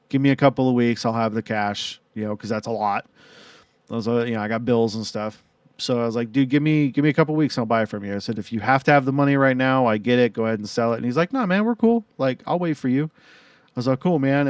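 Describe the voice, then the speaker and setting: A man's voice: medium pitch, clear, resonant tone, no echo. A man telling a casual, rambling story, full of fillers and quoted back-and-forth dialogue. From Tucson, Arizona. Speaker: vlogger. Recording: dry, from a distance from the mic.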